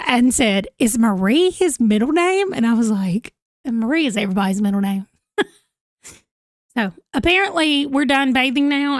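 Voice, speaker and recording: Woman, 30s, livestream host at home; giggly, conversational, slightly high voice, dry close sound. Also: no room sound. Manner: chatty and giggly, reacting to viewer comments. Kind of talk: casual livestream chat reading comments. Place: home room, holding a pet.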